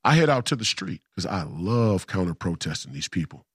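A man's voice: deep voice, big pitch swings, brisk, slightly rough, no room sound, studio quality. A man in a casual storytelling monologue, emphatic and combative, repeating himself for effect. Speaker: political commentator.

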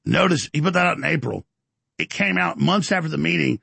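A man's voice: a little high, lively intonation, fairly quick, creaky, sharp tone, slightly rough, dry recording. An older man hosting a show, ranting in a bombastic, taunting way and issuing challenges. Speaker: host. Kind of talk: heated on-air rant.

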